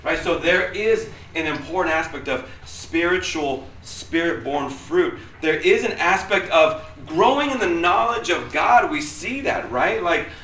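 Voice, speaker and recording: A middle-aged man gives a casual, conversational youth sermon, his loud voice carrying across the group. His tone is bright and forceful, and he keeps asking "right?" to draw the students in. The room is roomy and echoey, with a faint hum of ambience underneath. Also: a little high, expressive, measured pace, few pauses. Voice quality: loud voice that carries. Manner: conversational, often checks in with 'right?'. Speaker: youth pastor. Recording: roomy echo.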